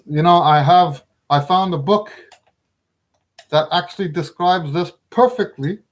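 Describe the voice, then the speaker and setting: A middle-aged man teaching trumpet in a casual video lesson, chatty and emphatic, laughing often as he explains. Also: fairly high pitch.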